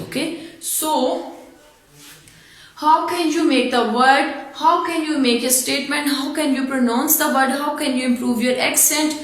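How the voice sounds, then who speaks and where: Slow, high-voiced woman teaching English sounds. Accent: Pakistani English. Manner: slow, deliberate spelling out of letters and sounds. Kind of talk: online spoken English lesson. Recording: very echoey room.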